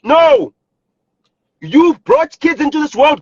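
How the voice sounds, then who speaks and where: A South African man's voice, pitched very high and tight, fires off an angry, repetitive, profanity-laced rant into a phone on a live stream. The sound is dry and close with no room around it, but dull and lo-fi like a phone stream. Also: expressive, moderate pace, a bit bright, dry recording.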